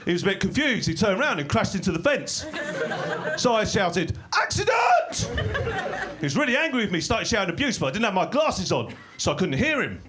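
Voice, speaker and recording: A man doing stand-up comedy in a small club, delivering dry, deadpan one-liners that break into sudden shouted bursts. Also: sits high, fast talker, heavy background noise. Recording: live club recording with audience laughter. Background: crowd laughing.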